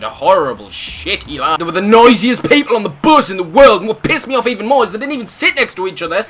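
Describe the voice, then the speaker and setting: A young man with a high, bright voice, ranting through a storytime as he plays. His pitch swings wildly as he heaps crude comic insults on everyone in the tale. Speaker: gaming video host. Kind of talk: ranting storytime over gameplay.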